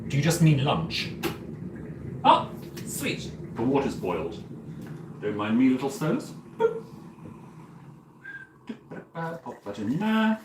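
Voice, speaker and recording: Campy, theatrical demon owl prince, performed by a man, slow and drawling with huge pitch swings, in an echoey kitchen. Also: very animated. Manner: campy, theatrical, giggly, calls chat darling. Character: flamboyant aristocratic male owl demon prince. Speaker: cosplay streamer. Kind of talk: in-character cooking livestream. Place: apartment kitchen. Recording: echoey kitchen with background noise.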